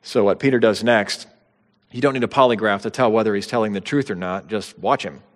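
A man's voice: lowish voice, fairly quick. A man preaching a sermon, conversational teaching with bursts of dramatic quotation. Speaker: pastor. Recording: long hall reverb.

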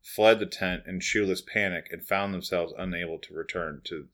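Deep, bright-toned man co-hosting a podcast. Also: fairly even intonation, moderate pace. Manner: loose and joking, with casual swearing. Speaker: podcast co-host. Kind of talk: casual podcast chat.

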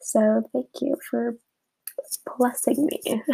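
A young woman rambling through a casual, emotional message to her friends, often dropping her voice low. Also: steady tone, extremely slow, gravelly, warm tone, breathy edge, poor audio. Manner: rambling, emotional, drops to a whisper at times.

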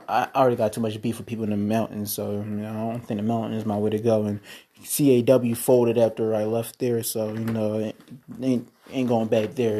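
Husky man rambling about his career. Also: medium pitch, mellow. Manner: rambling, boastful storytelling with swearing. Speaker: independent wrestler. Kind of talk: casual monologue.

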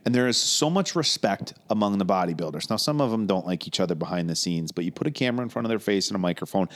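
A man's voice: low voice, animated, fast talker. Rambling, profane podcast host man. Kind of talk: casual chat.

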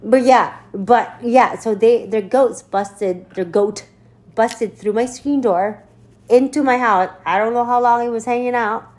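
A woman co-hosting a podcast, telling a funny story in casual chat, animated, laughing and cursing as she goes. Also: fairly high pitch, unhurried. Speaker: podcast co-host.

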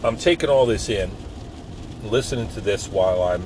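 A middle-aged man talking in a casual, rambling monologue, profane and given to sudden loud outbursts. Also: lowish voice, moderate pace. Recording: loud road noise behind.

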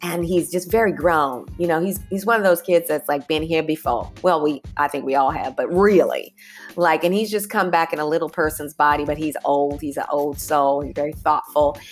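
A woman with a lowish voice hosts a relaxed motivational talk, chatty and upbeat and calling her listeners y'all. She guides slow breaths between stories. Faint music sits under her voice. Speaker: podcast host.

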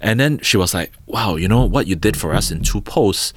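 A man in his thirties with a Singaporean English accent, a podcast guest telling business stories in a lively, chatty way, acting out quotes and ending lines with "right?". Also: on the low side, normal speed, a little hiss or hum. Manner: animated storyteller, acts out quotes, tag questions "right?". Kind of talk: casual storytelling interview.

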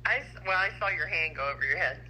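A woman's voice: low voice, fast talker, pushed and bright, slight background noise, low-quality recording. A woman calling in to a live stream, talking in an effusive, affectionate way. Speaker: caller. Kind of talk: casual call-in chat.

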